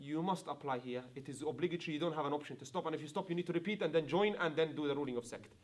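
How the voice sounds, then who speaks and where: A man teaching a Quran recitation class, explaining rules, chanting example verses and often asking his students if it is clear. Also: fairly high pitch, very fast. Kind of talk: online tajweed class.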